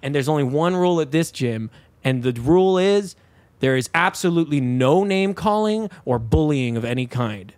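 A young man hosting a podcast, telling a story in casual chat, animated and swearing, acting out the voices of people he quotes. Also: on the high side, moderate pace, no room sound. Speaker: podcast host.

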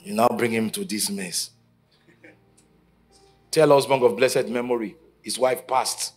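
A man preaching a sermon at a conference, telling stories and acting out the quotes, from shouting to near whispers. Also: medium pitch, a little slow. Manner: dramatic storytelling, acting out quotes, swinging from shouts to hushed lines. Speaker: pastor. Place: conference stage.

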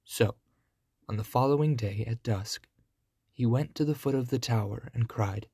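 A man reading a fairy tale aloud in a measured storybook manner. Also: medium pitch, mellow, husky, no echo, studio quality.

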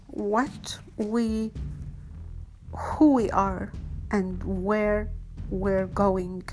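A woman giving an unscripted, heartfelt monologue as an online broadcaster, earnest and halting, with frequent pauses and fillers. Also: medium pitch.

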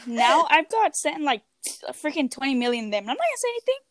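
A woman's voice: high voice, big pitch swings, fast talker, no echo. A teenage girl chatting casually with a friend, giggly and chiming in. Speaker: podcast co-host. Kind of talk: casual chat.

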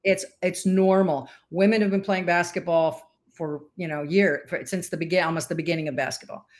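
A woman in her sixties, a podcast guest, telling stories in a lively interview chat and acting out what others said. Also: lowish voice, a little fast. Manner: animated storyteller who acts out quoted voices.

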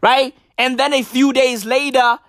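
A vlogger rants in a slow, drawn-out way, swearing and piling up slang. The voice keeps breaking into shouted, incredulous questions. The recording is dry and close, with no room sound. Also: high-pitched, little pitch movement, no echo. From South Africa. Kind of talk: profane comedic rant.

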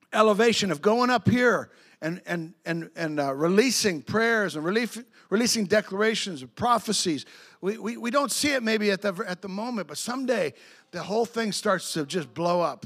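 A middle-aged man preaching a sermon as pastor, telling stories with excitable restarts and acting out the voices of people he quotes. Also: high voice. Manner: storytelling with acted-out quotes and laughter; excitable, many quick restarts.

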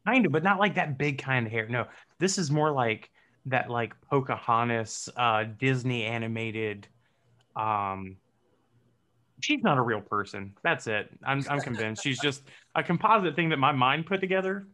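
A man's voice: mid-range voice, moderate pace, bright, forceful tone. A man co-hosting a podcast, chatting casually with joking, rambling asides. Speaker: podcast co-host. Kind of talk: casual chat.

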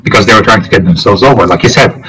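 A man co-hosting a wrestling podcast in casual chat, animated and quick to jump in. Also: on the low side, poor audio. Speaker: podcast co-host.

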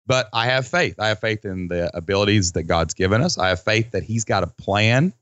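Animated low-voiced male podcast host. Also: fairly quick, dry recording, highs cut off. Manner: animated, acts out quotes with big pitch jumps, folksy slang. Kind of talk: casual podcast conversation.

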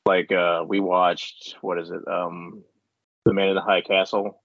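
A man's voice: deep voice, flat delivery, measured pace, no echo, dull audio. A man co-hosting a casual podcast chat at home, rambling with many restarts and frequent laughs. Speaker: podcast co-host. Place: indoors at home.

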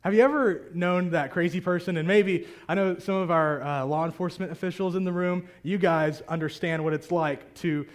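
Pastor, male, high tenor, casual animated sermon delivery to a live congregation. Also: moderate pace, few pauses. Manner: conversational and animated, acting out prayers. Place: church hall with a congregation.

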